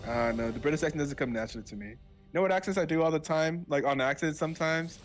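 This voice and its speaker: A southern U.S. man casts an esports match at a rapid-fire clip, his voice on the high side, with soft music playing behind him. His live commentary is casual and rambling, packed with fillers and self-corrections.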